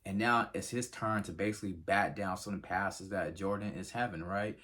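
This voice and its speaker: A man's voice: low-pitched, brisk. Chatty man recapping a TV episode. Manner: animated, acts out characters' lines in quotes; conversational, many fillers like "you know" and "right". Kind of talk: casual episode recap commentary.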